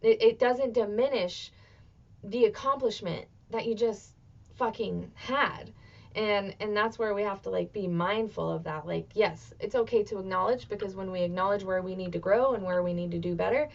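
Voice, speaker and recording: Gravelly-voiced woman podcaster, expressive. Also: medium pitch, moderate pace, dull audio. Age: 30s. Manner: expressive, swears freely, swings into excited outbursts. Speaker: podcast host. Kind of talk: motivational solo podcast talk.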